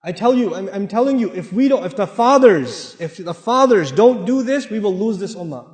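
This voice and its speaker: A man's voice: high voice, expressive, normal speed, a little mellow. A man giving a sermon to a live audience, direct and joking, repeating points for emphasis. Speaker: speaker giving a talk. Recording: echoey hall, long reverb.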